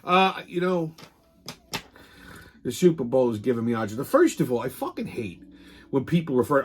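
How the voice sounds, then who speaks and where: A man's voice: mid-range voice, very animated, normal speed, pauses often, slightly rough. A man hosting a comedic weekly wrap-up show and ranting in a profane, blustering way. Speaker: host. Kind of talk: comedic rant.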